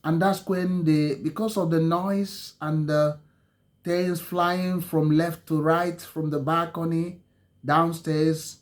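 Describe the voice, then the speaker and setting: A man telling a dramatic story slowly, pausing often with ums and correcting himself mid-sentence. His voice sits a little higher than most men's. Each phrase is stretched out for effect. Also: little pitch movement. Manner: halting, many ums and self-corrections, slow dramatic phrasing. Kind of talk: spoken storytelling.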